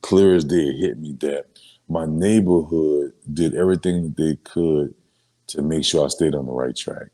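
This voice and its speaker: A rapper from New Orleans, Louisiana in a casual sit-down interview, telling emotional stories in street slang and filler phrases. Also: male voice, very deep voice, normal speed, warm tone.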